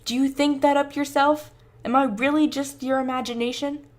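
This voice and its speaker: A woman's voice: fairly high pitch, a little slow, a little mellow, lightly acted. A woman voicing an intense young man who talks firmly and urgently. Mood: angry. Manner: firm and urgent.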